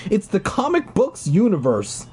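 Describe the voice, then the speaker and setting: A man's voice: high-pitched, huge pitch swings, unhurried, darkish tone, slightly rough, voice pushed up, exaggerated voice. A man voicing a whiny schoolboy sidekick in a storybook, explaining in a nasal-whiny tone. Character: whiny schoolboy Wally, know-it-all sidekick.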